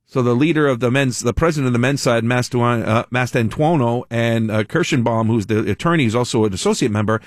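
Animated male talk radio host. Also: mid-range voice, brisk, few pauses, dry recording, studio quality. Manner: animated, reads news quotes aloud with asides.

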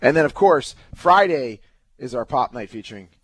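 A man's voice: medium pitch, expressive, moderate pace, breathy edge, dry recording. A man, the manager of a fair, promoting the lineup as a guest on live radio, upbeat and eager. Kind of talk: casual live radio interview.

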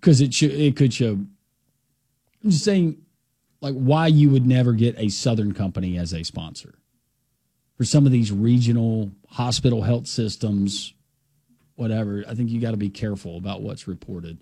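A man's voice: lowish voice, normal speed, dark tone, no room sound, clean studio sound. A man co-hosting a sports talk radio show, making wry joking asides in casual chat. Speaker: radio co-host.

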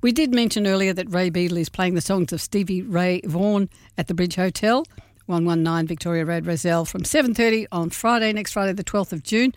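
A woman's voice: fairly low pitch, brisk, no room sound, clean studio sound. A woman co-hosting a community radio show, chatty and rambling, reading out a gig guide. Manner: chatty, warm-hearted, rambling asides. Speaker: radio co-host. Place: radio studio.

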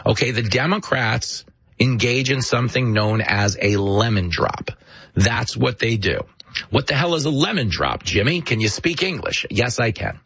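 Husky male host, lively delivery, mocking political commentary, dry dull studio sound. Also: medium pitch, normal speed, no room sound. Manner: animated, mocking storyteller. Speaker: show host.

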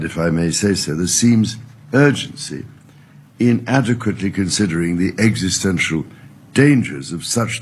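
A man giving a formal, measured prepared speech, played as an archive clip. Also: sits low, a little hiss or hum. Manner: measured, stately delivery. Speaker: public figure giving a speech.

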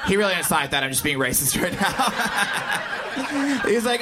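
A man's voice: high voice, very animated, normal speed. A man doing a stand-up set, telling loose, self-mocking stories in a live club. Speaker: stand-up comedian. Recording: live club mic with background noise.

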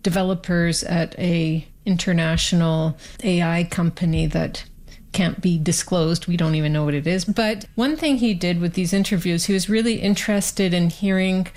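Woman interviewer, slightly low voice, calm explaining. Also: moderate pace. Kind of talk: interview question.

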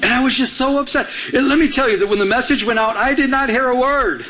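A man's voice: extremely high pitch, quick pace, pushed and bright. A middle-aged man from Michigan, a pastor, preaching a sermon and telling a personal story, acting out his own quoted lines with animation.

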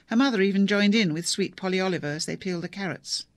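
Gravelly audiobook narrator. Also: mid-range voice, quick pace, no room sound.

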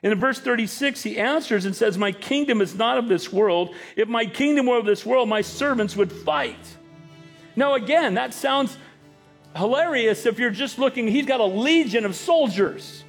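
High-voiced man preaching a sermon. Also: animated, normal speed, breathy edge, soft background music. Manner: emphatic preaching, acts out quoted dialogue. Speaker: pastor.

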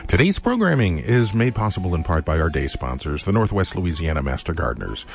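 Deep gravelly male station announcer. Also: sing-song, brisk, faint music behind. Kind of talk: sponsor announcement.

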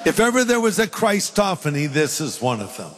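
A man preaching a sermon, speaking emphatically and reading scripture aloud with dramatic pauses. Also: fairly high pitch, big pitch swings, big-room sound.

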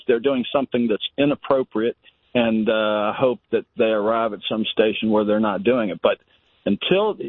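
A man's voice: medium pitch, breathy edge, no echo. An older male caller from Virginia, giving his opinions in an emphatic, rambling way. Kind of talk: call-in radio opinion. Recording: dry phone line.

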